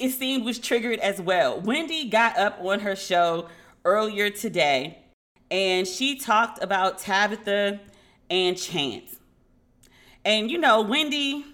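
Bright-voiced woman, animated podcast chat. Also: fairly high pitch. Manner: animated storytelling, acting out quoted dialogue; laughing, candid, swears casually. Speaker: podcast host. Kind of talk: casual commentary chat.

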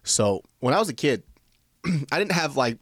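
Man, podcast host, lively up-and-down pitch, dry close mic, expressive, swears freely. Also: a little slow, husky, no room sound. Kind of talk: casual storytelling chat.

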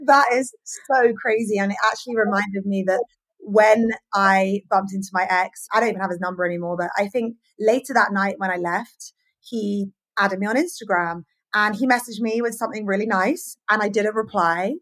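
A woman's voice: medium pitch, moderate pace. A woman hosting a podcast, talking candidly and with feeling about her own past relationships. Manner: candid and animated, sharing personal stories. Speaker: podcast host. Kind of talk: casual podcast conversation.

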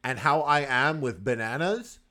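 A man co-hosting a casual podcast chat, animated and often laughing, swearing freely and acting out little scenes. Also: medium pitch, moderate pace. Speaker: podcast co-host.

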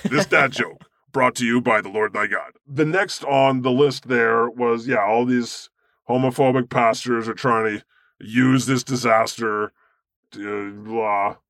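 A man hosting a comedy podcast as God, irreverent and boastful, swearing freely and cracking deadpan jokes. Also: medium pitch, measured pace, dry recording, clean studio sound. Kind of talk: improvised comedy chat in character.

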